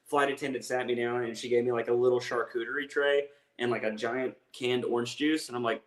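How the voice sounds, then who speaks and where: A man's voice: mid-range voice, steady tone, a little fast. A young man with an Appalachian accent, a comedian telling a rambling, self-deprecating story in casual chat. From East Tennessee. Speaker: comedian guest. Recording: echoey room.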